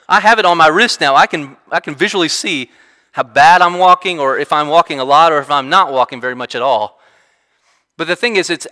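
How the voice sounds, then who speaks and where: A man preaching a sermon in an animated, conversational way, often restarting his sentences. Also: a little high. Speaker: pastor. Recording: reverberant hall sound.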